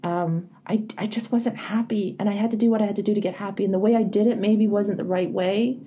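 A woman's voice: medium pitch, steady tone, brisk, dark tone, a little hiss or hum. A middle-aged woman hosting an advice show, earnestly coaching a caller in a plainspoken, emphatic way.

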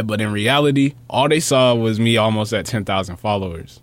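A man's voice: lowish voice, fairly even intonation, fairly quick, no echo. A young adult man co-hosting a podcast, talking in loose, laid-back slang and swearing often. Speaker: podcast co-host. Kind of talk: casual banter.

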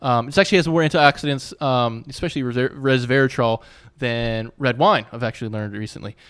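Fast-talking man chatting on a podcast. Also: mid-range voice, smooth. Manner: rambling, filler-heavy, animated storytelling. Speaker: podcast co-host. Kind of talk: casual chat.

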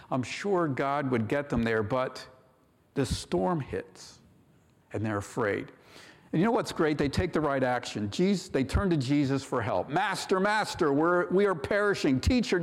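A man delivers a sermon from the pulpit at a middle pitch, leaning into key phrases and voicing the quoted dialogue with lift. The sound carries a long reverb, as in a large church sanctuary. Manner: preaching with rising emphasis and quoted dialogue. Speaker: pastor.

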